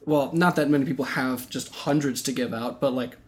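A man's voice: medium pitch, brisk. A young man co-hosting a podcast in casual chat, playful, laughing often and rambling with restarts. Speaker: podcast co-host.

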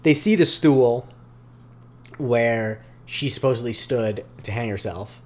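A man at an ordinary mid pitch talks loosely through an episode recap on a podcast. He rambles, restarts and leans on fillers in relaxed, unscripted chat. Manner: rambling, filler-heavy, slips into quick voice impressions. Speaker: podcast co-host.

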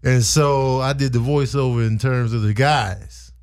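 A man guesting on a live show, chatting in a relaxed way. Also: mid-range voice, a little slow, clear, resonant tone. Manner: relaxed, says "man" a lot. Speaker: comedian guest. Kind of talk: casual chat.

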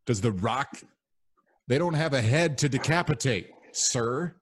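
Give me a mid-pitched man riffing on a comedy podcast, loose and profane. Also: animated, a little slow, slight background noise. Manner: rambling, profane, jokey. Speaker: podcast co-host. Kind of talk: casual comedic chat.

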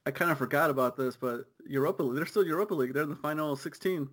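Pitched on the high side with a fairly bright tone, this young soccer podcast co-host keeps things relaxed. He riffs back and forth at a quick clip, laughing easily along the way.

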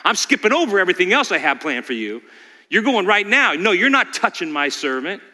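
A man's voice: high-pitched, sing-song, fairly quick, sharp tone, exaggerated voice. A man voicing a stern, commanding male deity, in a reverberant hall.

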